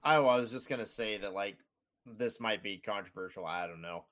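A man's voice: fairly low pitch, brisk, fairly bright tone. A man co-hosting a casual podcast, mostly chiming in with short agreement and laughs. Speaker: podcast co-host. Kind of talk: casual chat.

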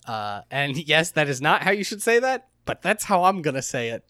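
A man co-hosting a casual gaming podcast, talking in an animated, jokey, mocking way. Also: on the high side, moderate pace, no echo, clean studio sound. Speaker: podcast co-host.

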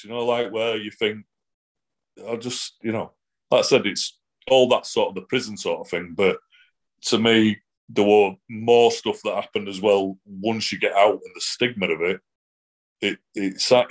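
A middle-aged man, telling his story in a casual interview, with frequent restarts, fillers and blunt swearing. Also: fairly low pitch. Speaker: guest. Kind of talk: casual interview, personal account.

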